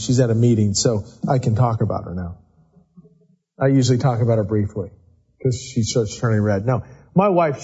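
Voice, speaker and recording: A pastor preaches a sermon in a church sanctuary in a loose, conversational way, often repeating words as he goes. His voice is mid-range and warm with a breathy edge, and the highs are cut off.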